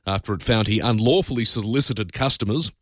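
Chatty Australian radio host, low voice. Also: male voice, fairly quick, no room sound, clean studio sound. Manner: chatty, opinionated, loose asides. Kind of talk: talkback radio monologue. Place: radio studio. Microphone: studio microphone.

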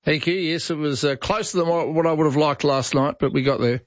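A man's voice: fairly high pitch, brisk, no echo. Opinionated Australian radio host man. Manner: chatty, opinionated, reads listener messages aloud. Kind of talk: casual talkback chat. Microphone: studio microphone. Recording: slightly dull broadcast audio.

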